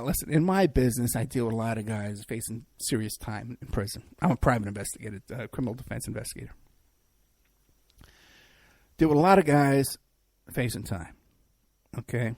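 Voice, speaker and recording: A man's voice: mid-range voice, creaky, darkish tone, no echo. A man hosting a talk show, delivering a mocking, rambling monologue full of restarts. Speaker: talk show host and private investigator.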